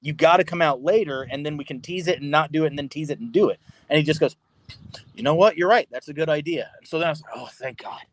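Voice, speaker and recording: Animated man telling a story with a raised voice. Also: fairly high pitch, fast talker, no room sound. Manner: animated, laughing, swearing freely. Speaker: podcast guest, pro wrestler. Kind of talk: casual storytelling. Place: podcast studio.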